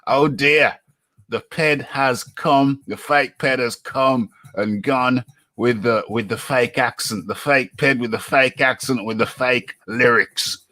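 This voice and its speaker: A man's voice: mid-range voice, steady tone, pushed and bright, no room sound. A man hosting a live boxing talk show, chatty and teasing. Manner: chatty, teasing, quick asides. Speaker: host.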